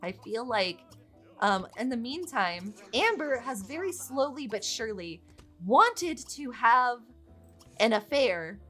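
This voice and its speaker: A woman giving chatty, excitable let's play commentary on her game, swearing freely as she goes. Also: fairly high pitch, slow pace, soft background music. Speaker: gaming YouTuber.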